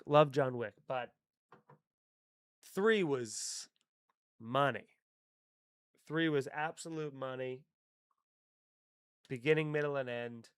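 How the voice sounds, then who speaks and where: A man hosting a live stream, chatting casually and excitably with his viewers and swearing freely. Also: on the high side, no echo.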